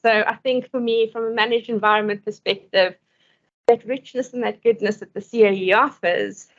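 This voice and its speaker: A woman's voice: fairly high pitch, fairly even intonation, moderate pace, muffled recording. A woman giving a conference talk and answering questions, speaking conversationally and laughing often between points.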